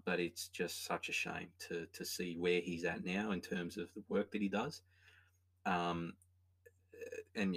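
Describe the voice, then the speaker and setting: A man's voice: deep voice, a bit bright. An opinionated man, chatting casually as a podcast co-host about a film, rambling with many restarts. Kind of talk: casual film review chat.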